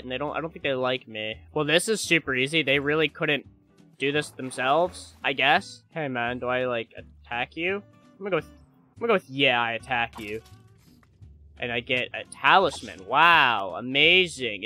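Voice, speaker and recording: A man's voice: mid-range voice, lively intonation, a little slow, bright, forceful tone, soft background music. A man giving casual, offhand gameplay commentary as a gaming YouTuber, muttering and swearing freely.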